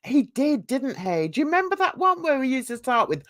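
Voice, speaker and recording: A woman's voice: high-pitched, very animated, normal speed. A woman hosting casual reaction commentary, chatty and gossipy, laughing often. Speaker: commentary channel host.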